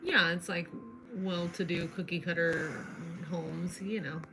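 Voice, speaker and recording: Low-voiced woman, dry and teasing. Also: fairly even intonation, unhurried, noisy background. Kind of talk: casual chat.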